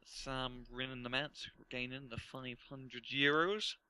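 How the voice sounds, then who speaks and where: A man's voice: medium pitch, fairly even intonation, slow pace, bright, forceful tone, clean tone, dry recording, rough recording. A man commentating a strategy game match in a casual, laughing way. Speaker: game caster. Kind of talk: esports commentary.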